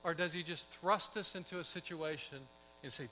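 A man's voice: on the high side, normal speed, bright, forceful tone, big-room sound, a little hiss or hum, low-quality recording. A man pastor preaching a conversational sermon, asking his congregation questions and acting out quotes.

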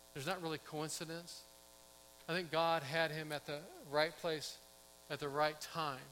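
A man's voice: on the high side, pushed and bright, in a large hall, slight background noise, poor audio. A man pastor preaching a conversational sermon, asking his congregation questions and acting out quotes.

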